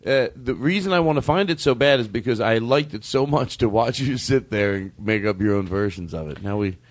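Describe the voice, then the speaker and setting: A man's voice: mid-range voice, expressive, brisk, no echo. A man hosting a comedy podcast, chatting casually and eagerly. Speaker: podcast host.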